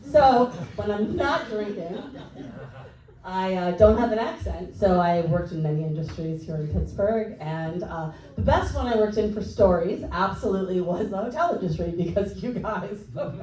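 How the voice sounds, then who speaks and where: A woman doing a stand-up comedy set in a comedy club, telling stories with quick asides. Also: medium pitch. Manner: lively storytelling with quick asides. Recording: echoey club from a distance.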